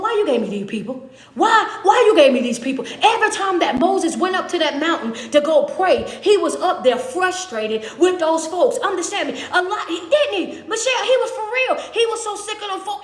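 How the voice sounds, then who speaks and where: A woman motivational speaker giving a morning devotional, preaching emphatically and often checking in with her listeners. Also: extremely high pitch. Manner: emphatic preaching with repeated "understand me" tags. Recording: roomy echo.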